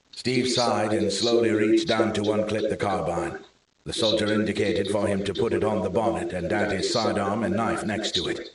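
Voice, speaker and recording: A man narrating a thriller audiobook in a steady, measured reading. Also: lowish voice, recorded from a distance. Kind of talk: scripted narration. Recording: very echoey room.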